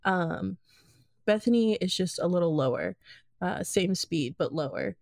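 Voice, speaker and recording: A woman's voice: fairly low pitch, expressive, unhurried, a little mellow, no room sound, studio quality. A woman game master in a casual podcast chat, talking hesitantly with many fillers.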